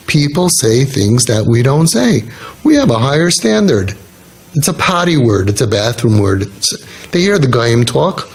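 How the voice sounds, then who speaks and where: A middle-aged man giving a casual talk on parenting, telling stories in an animated way and repeating key lines for emphasis. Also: mid-range voice, a little slow. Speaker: speaker on parenting and youth work.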